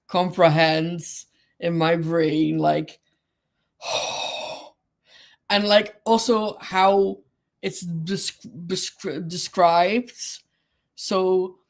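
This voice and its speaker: A woman's voice: on the low side, steady tone, extremely slow, long pauses. A woman hosting a casual livestream, chatting with viewers, giggling often and greeting people by name. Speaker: livestream host.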